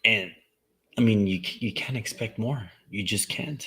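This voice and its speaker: A young man hosting a relaxed sports chat show, talking in a loose, rambling way. He drifts between English and Spanish mid-sentence. His voice sits on the lower side. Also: a little slow, low-quality recording. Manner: mixes Spanish into English, laid-back and rambling. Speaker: talk show host.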